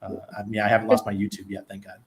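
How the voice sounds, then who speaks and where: A man's voice: lowish voice, completely flat delivery, racing. A man chatting casually on a livestream, laughing often as he tells stories about himself. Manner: laughs often, self-deprecating storytelling. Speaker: crypto livestreamer.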